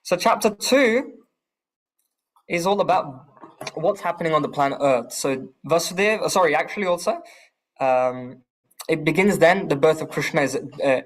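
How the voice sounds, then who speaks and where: Lively man teaching a scripture class. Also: a little high, moderate pace. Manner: lively, asks the class questions.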